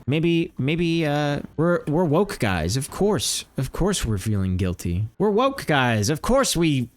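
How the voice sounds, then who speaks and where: A man streaming live, riffing in loose, rambling comedy bits and reacting to chat. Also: mid-range voice.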